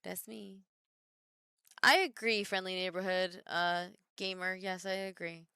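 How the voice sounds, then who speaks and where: A woman's voice: on the low side, fairly even intonation, unhurried, pushed and bright, clear, resonant tone, dry recording, studio quality. A woman in her thirties, a wrestler chatting casually on a live stream, reading viewer comments aloud and answering them at home.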